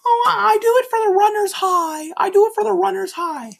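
A smug, preachy male runner speaks in a squeaky mocking falsetto, far above an ordinary man's register, as a teenage boy puts him on. He sounds pleased with himself in an exaggerated, teasing way. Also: a little fast, vocal fry.

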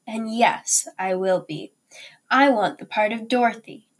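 A woman's voice: on the high side, measured pace. A woman reading as a curt, aloof older girl. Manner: curt, distant.

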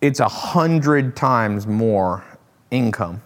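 A man hosting a podcast, asking his guest questions in a relaxed, joking way. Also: medium pitch, very slow, in a large hall. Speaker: podcast host. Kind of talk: casual interview chat.

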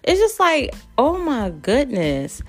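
A woman's voice: sits high, wildly swooping pitch, slow, soft background music. Blunt, profane young woman hosting a podcast. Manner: loose and rambling, lots of fillers. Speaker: podcast host. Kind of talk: casual monologue.

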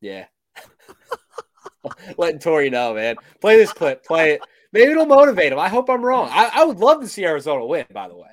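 A man's voice: a little high, wildly swooping pitch, moderate pace, no room sound. A man co-hosting a casual sports podcast, giving blunt, emphatic opinions. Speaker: podcast co-host.

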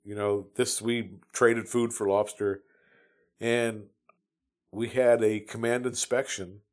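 A man's voice: fairly low pitch, little pitch movement, takes it slowly. A man in his fifties from the United States, telling his Navy stories in a casual, rambling way with many restarts and fillers. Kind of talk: casual storytelling.

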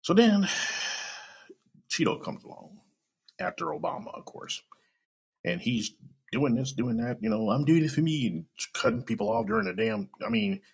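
A man with a gravelly, husky voice rants bluntly and profanely as a podcast host, his pitch swinging up and down. The recording is dull and lo-fi. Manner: blunt, profane, heated ranting. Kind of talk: opinion rant monologue.

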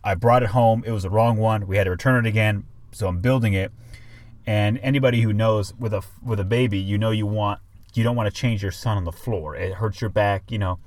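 A man's voice: on the low side, steady tone, fairly quick, a little mellow. A young man and father co-hosting a podcast, telling a story in casual chat and swearing often. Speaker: podcast co-host.

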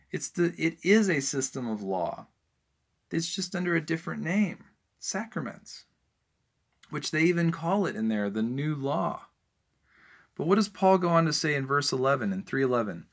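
A man with a somewhat high, slightly bright voice preaches with mounting fervor. He fires off rhetorical questions and hammers home each point with impassioned emphasis.

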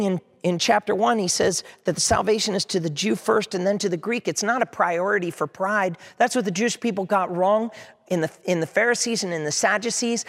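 A pastor with a high, fairly bright voice preaches a sermon, his words echoing with long hall reverb. He earnestly voices his listeners' prayers and objections as he goes, quoting both prayers and hecklers aloud.

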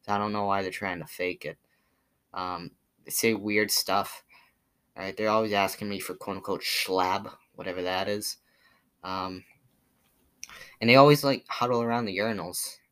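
A man's voice: fairly low pitch, fairly even intonation, moderate pace, long pauses, a bit bright, smooth. A teenage boy with a Boston accent, rambling through his pet peeves in a casual, filler-heavy monologue, mildly exasperated. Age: teens. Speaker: vlogger.

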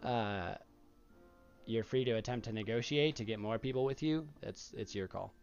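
A man's voice: lowish voice, normal speed, a little mellow, lo-fi sound, faint music behind. Hesitant man running a tabletop game. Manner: hesitant, lots of fillers. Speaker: game master.

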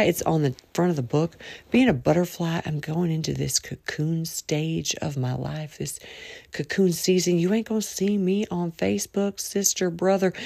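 Woman, podcast host, low voice, gravelly, rambling casual chat, recorded in bed at night. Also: warm tone, dry recording. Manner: rambling and self-correcting, talks straight to listeners.

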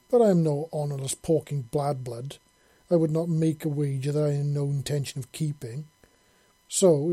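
A man's voice: on the high side, dark tone, no room sound, natural voice. A man voicing a proud, fierce female alien huntress who speaks in a haughty, formal way, in a storybook reading.

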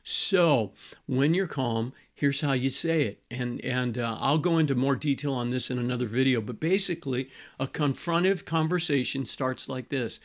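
A middle-aged male pastor giving a conversational teaching on marriage, repeating key phrases and slowing down to stress a point. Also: medium pitch.

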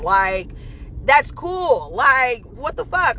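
A woman's voice: high voice, big pitch swings, very slow, bright, forceful tone, rough recording. A young woman ranting casually and bluntly to her viewers, swearing freely and filling her talk with "like". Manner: profane, blunt, heated, lots of "like" fillers. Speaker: vlogger.

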